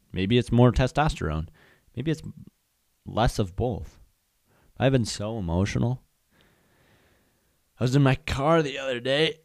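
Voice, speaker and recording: Rambling young man, low dry voice. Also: darkish tone, no echo. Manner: rambling, candid, lots of fillers. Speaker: podcast host. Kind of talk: casual solo chat.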